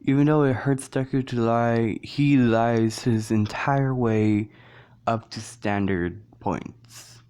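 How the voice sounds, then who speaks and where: Slow, rambling male storyteller. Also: medium pitch, darkish tone, clean tone. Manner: rambling, corrects himself mid-story. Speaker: fan fiction storyteller. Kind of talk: casual fan-story narration.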